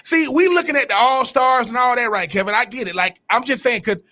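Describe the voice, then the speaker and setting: A man's voice: very high voice, brisk, bright, forceful tone. A man co-hosting a sports podcast, arguing casually about players and movie speeches, rambling and restarting his sentences often. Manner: rambling, restarts often, Southern-tinged slang.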